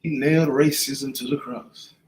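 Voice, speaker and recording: A man's voice: mid-range voice, steady tone, moderate pace, darkish tone, reverberant, a little hiss or hum, poor audio. A man leading a casual Bible class, talking loosely and often checking in with the listener. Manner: conversational, often asks "right?" and "you know what I'm saying?". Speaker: class leader.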